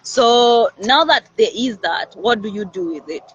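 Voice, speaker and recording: A woman's voice: a little high, a little slow, highs cut off, a little hiss or hum. A woman hosting a personal branding series, talking casually and confidently to her audience and often checking in with "all right?". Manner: energetic, confident, animated, with many "all right?" check-ins. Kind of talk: casual motivational talk to camera.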